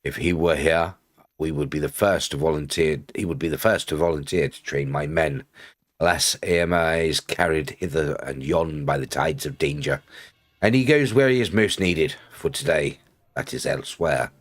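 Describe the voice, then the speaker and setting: A man reading quest dialogue aloud as a proud, grave male noble of Rohan, slow and solemn. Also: rumbling low, voice pushed down.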